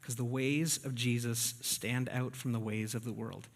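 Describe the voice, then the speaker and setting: A man's voice: mid-range voice, steady tone, a little slow. A man preaching a sermon to his congregation in a church, conversational and often checking in with the room. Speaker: pastor. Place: church sanctuary. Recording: reverberant church hall.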